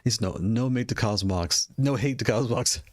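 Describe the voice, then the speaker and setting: A man's voice: mid-range voice, moderate pace, no room sound, clean studio sound. A man casually talking through gaming controller prices, rambling and repeating himself with frequent laughs. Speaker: gaming hardware streamer. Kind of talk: casual product commentary.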